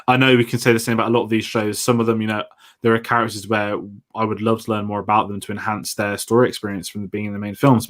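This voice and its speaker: A man co-hosting a film discussion show, talking in a chatty, rambling way with lots of fillers. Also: fairly low pitch. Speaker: podcast co-host.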